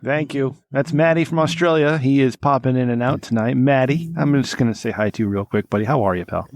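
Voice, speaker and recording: A man's voice: medium pitch, fairly quick, no echo. A man hosting a casual podcast, loose and profane, teasing his co-hosts. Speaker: podcast host.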